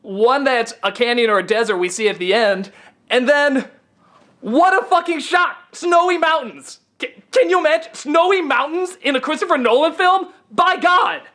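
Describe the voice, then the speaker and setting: A man giving a casual, profane film review rant, stammering and sarcastic, often getting excited. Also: extremely high pitch, moderate pace. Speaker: film critic.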